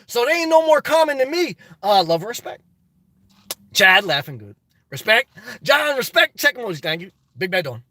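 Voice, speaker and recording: A man's voice: extremely high pitch, very animated, brisk, pushed and bright, dry recording. A man reading chat on a phone live stream, talking politics in an emphatic casual way. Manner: emphatic, repeats "okay?" and "good job".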